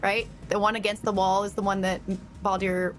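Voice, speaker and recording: A woman at a tabletop game session, chatting casually and giggling as she works out her moves. Her voice is mid-pitched. Soft background music plays under the talk. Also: flat delivery, normal speed. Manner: giggly, chatty, thinks aloud with fillers. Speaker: player.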